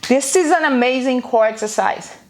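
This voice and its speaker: A woman's voice: high voice, normal speed. A woman fitness instructor leading a live home workout class, calling out exercises and cues energetically, sometimes out of breath. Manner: energetic coaching cues, counting down. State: out of breath at times. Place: home, near a busy street.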